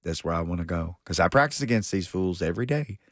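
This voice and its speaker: Deep-voiced relaxed radio co-host, a man. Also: fast, dry recording, clean studio sound. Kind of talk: casual sports talk. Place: radio studio.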